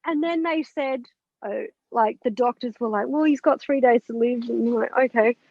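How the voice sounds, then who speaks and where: Podcast guest: frank, lively woman with a high voice, on a dull lo-fi recording. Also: normal speed, creaky, dry recording. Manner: animated, candid, swears and laughs while recounting. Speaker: podcast guest, spiritual mentor. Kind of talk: personal storytelling in an interview. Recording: dull lo-fi, dry sound.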